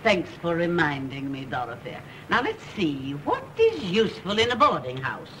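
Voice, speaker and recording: Snooty rich mom, bossy and dramatic, voice swooping all over. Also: female voice, on the low side, wildly swooping pitch, normal speed, a bit bright, rough recording. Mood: imperious. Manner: imperious, theatrical. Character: haughty rich society mother, easily exasperated. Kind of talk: 1930s film acting. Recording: old film soundtrack with faint hiss.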